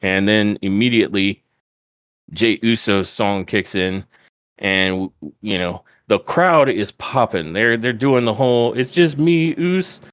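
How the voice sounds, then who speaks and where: A man's voice: lowish voice, unhurried, fairly bright tone, clear, resonant tone, no echo. A man hosting a podcast, casually recapping a wrestling show step by step on a close mic. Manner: retells events step by step, quoting wrestlers. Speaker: podcast host.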